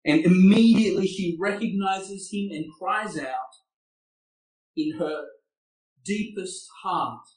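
A man's voice: high voice, slow pace, darkish tone. A man preaching a sermon, earnest and asking his listeners rhetorical questions. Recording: echoey room, far from the mic.

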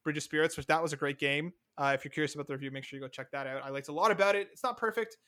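Male podcast co-host, somewhat high voice, rapid and bright, excitable and casual. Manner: excitable, quick, swears casually. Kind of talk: casual chat.

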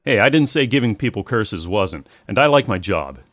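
A man voicing an exasperated grown daughter who scolds her mother in a brisk way. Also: on the low side, lively intonation, fairly bright tone, dry recording.

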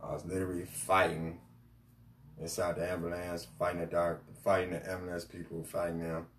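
Low-voiced man telling a halting story. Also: completely flat delivery, a bit bright, slight background noise. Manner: halting, emotional, repeats "literally" and restarts. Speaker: podcast host. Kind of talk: personal storytelling podcast. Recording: roomy echo, mic at a distance, faint ambience.

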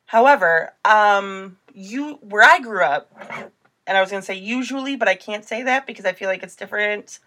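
A woman's voice: mid-range voice, moderate pace, sharp tone, slight background noise. A woman co-hosting a casual true-crime podcast, telling a case in a chatty, rambling way with many fillers. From Midwestern United States. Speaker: podcast co-host.

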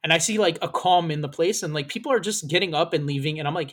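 A man hosting a podcast, telling a story in casual chat, animated and swearing freely as he acts out what people said. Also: fairly high pitch, fast. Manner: animated, profane, acts out quoted lines. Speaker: podcast host.

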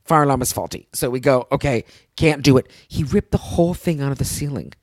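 A woman telling a story in a casual chat, acting out quotes with big jumps in pitch. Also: brisk, darkish tone, dry recording.

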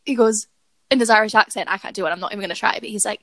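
A woman's voice: medium pitch, racing, a bit bright, no room sound. A young woman tells a story in a casual podcast chat. She talks in a chatty, self-deprecating way, full of "like"s and restarts. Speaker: podcast co-host.

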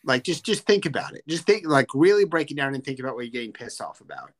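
A man's voice: medium pitch, sing-song, quick pace. A young man co-hosting a casual sports podcast, ranting heatedly and swearing freely. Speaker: podcast co-host.

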